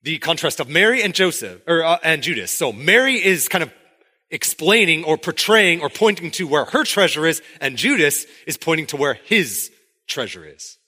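A man's voice: a little high, moderate pace. A man preaching a sermon in a conversational way, acting out quotes from the story as he goes. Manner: conversational, animated, acts out quotes. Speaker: pastor.

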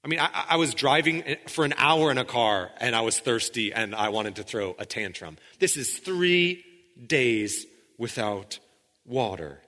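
A man preaching a sermon in a conversational way, with frequent restarts, sometimes dropping into quiet intensity. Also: medium pitch, expressive, unhurried, long reverb tail. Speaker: pastor.

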